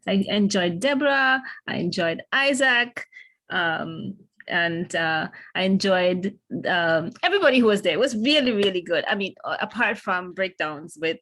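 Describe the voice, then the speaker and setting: A woman's voice: mid-range voice, animated, moderate pace, fairly bright tone. A woman gives a casual report on a video call. Her voice sits in an ordinary middle range. She speaks hesitantly, with many restarts and filler words. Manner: hesitant, rambling. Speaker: meeting participant.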